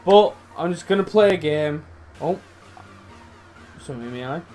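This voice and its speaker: A young man commentating his own football video game, swearing, swinging between loud outbursts and low muttering. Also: animated, moderate pace, faint music behind. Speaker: gaming YouTuber. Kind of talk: live gameplay commentary.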